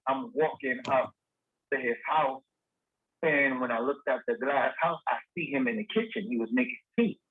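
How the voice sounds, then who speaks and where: A man guest telling a lively story in a casual interview, acting out the dialogue he quotes. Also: medium pitch, normal speed, gravelly, slightly rough. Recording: tinny phone-line sound.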